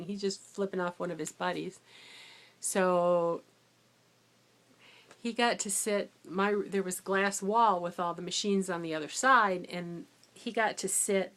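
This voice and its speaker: Chatty tired woman telling a story. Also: on the low side. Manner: chatty, rambling, animated when quoting herself. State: tired from no sleep. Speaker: substitute teacher. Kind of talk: casual storytelling vlog.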